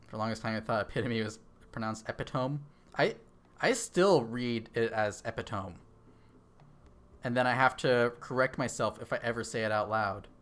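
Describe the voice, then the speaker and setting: A man's voice: medium pitch, brisk, a bit bright. A man streaming a game, chatting casually, thinking aloud and answering his chat into a desk microphone. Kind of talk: casual live-stream chat while gaming.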